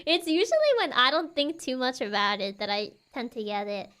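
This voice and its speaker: A woman's voice: high-pitched, big pitch swings, a little fast, fairly bright tone, clean tone. A woman streamer giving casual gameplay commentary, giggling often and thinking aloud as she works out a puzzle.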